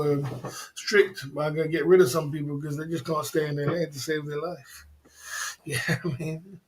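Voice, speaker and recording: A man's voice: fairly high pitch, low-quality recording. A man hosting a casual livestream chat, bantering in slang, laughing often and repeating his catchphrases. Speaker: livestream host.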